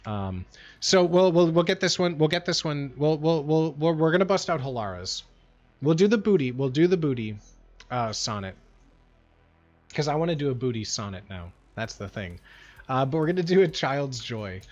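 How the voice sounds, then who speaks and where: A man's voice: on the high side, animated, normal speed, a little mellow. A man chatting casually on a livestream, rambling and slangy and full of "like" and "bro.". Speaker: livestream streamer. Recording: dull lo-fi sound with faint music.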